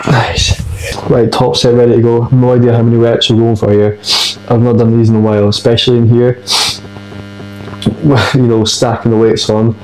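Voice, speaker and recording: A man's voice: mid-range voice, level tone, moderate pace, darkish tone, faint music behind, rough recording. A man giving casual gym training tips between sets, a little out of breath. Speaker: fitness vlogger. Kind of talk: casual gym vlog talk. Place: gym, indoors.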